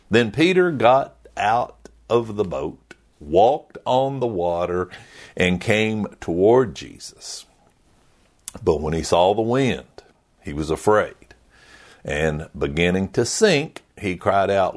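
A man's voice: low voice, slow pace. A man preaching a sermon as pastor, earnest and direct with the congregation. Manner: earnest, preaching with lively rises and falls.

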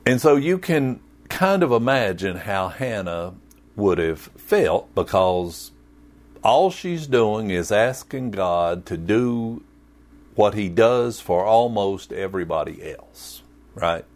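A man's voice: fairly low pitch, very animated, takes it slowly, darkish tone. A man preaching a sermon, telling the story with humor and folksy sayings. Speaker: pastor.

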